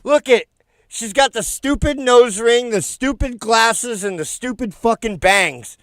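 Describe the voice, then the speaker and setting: A man's voice: extremely high pitch, a little slow, fairly bright tone, a little hiss or hum. A man hosting a livestream, jeering and laughing as he mocks the clips he plays, with frequent profanity. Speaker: livestream host reacting to clips. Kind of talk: mocking reaction commentary.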